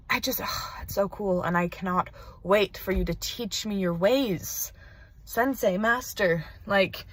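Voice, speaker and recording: A woman's voice: mid-range voice, fairly bright tone. Chatty teen girl in a parked car. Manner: rambling and chatty, full of "like". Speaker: video pen pal. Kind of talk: casual video message.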